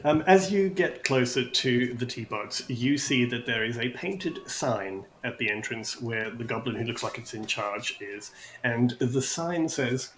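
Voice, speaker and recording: A man's voice: mid-range voice, expressive, a little slow, fairly bright tone, a little hiss or hum. A man narrating a tabletop game as game master, descriptive, with frequent ums. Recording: echoey room.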